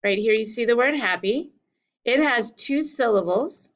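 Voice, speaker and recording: A woman teacher explaining a lesson step by step, slowly and deliberately, stretching out key words as she writes. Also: fairly high pitch, expressive, low-quality recording. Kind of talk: classroom lesson at a whiteboard.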